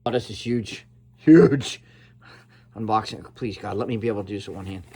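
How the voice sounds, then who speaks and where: A man filming a casual unboxing vlog after a night of drinking, rambling between loud exclamations and low muttering. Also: animated, normal speed, husky. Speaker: vlogger.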